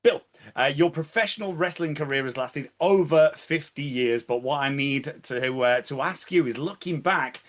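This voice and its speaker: A man's voice: a little high, normal speed. A man with a British accent hosting an interview, enthusiastic and playful. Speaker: host. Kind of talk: casual chat.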